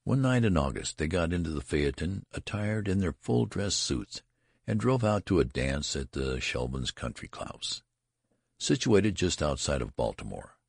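A man reading a story aloud as a narrator, in a measured and even manner. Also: extremely low pitch, gravelly, breathy edge, no echo, studio quality. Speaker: audiobook narrator. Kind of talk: scripted narration.

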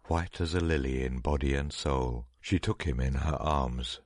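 A man reading a story aloud in a measured, dramatic narration. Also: a bass voice, a little mellow, no echo, clean studio sound.

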